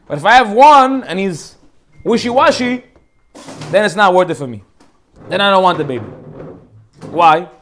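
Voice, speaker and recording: A man teaching an informal Torah class as a rabbi, animated and joking as he acts out the people in his stories. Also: high voice, normal speed, pauses often, a little hiss or hum.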